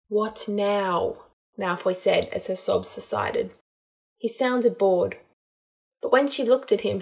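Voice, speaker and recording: A woman narrating a story as an audiobook, in a calm, even storytelling manner. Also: mid-range voice, gravelly. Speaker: audiobook reader.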